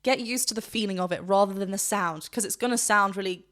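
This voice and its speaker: A woman vocal coach explaining singing technique in a reaction video, breaking off to demonstrate with loud sung yelps. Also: mid-range voice, fast.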